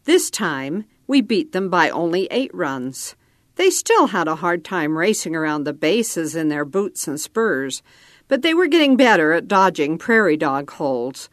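A woman reads a story aloud in a calm, measured way. Her voice sits fairly low and moves slowly, and the recording is close and dry. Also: dry recording. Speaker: narrator. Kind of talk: scripted narration.

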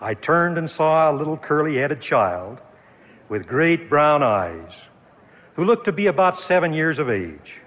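A man giving a formal church conference address, telling a story in a measured way. The audio is an archival recording. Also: on the high side, big pitch swings, highs cut off. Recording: reverberant archival hall recording.

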